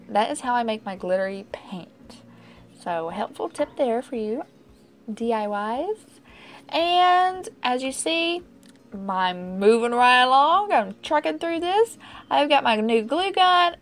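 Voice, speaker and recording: A woman narrating her own DIY furniture makeover in a chatty, rambling way and laughing at herself. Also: a little high. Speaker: DIY vlogger. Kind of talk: casual DIY vlog narration.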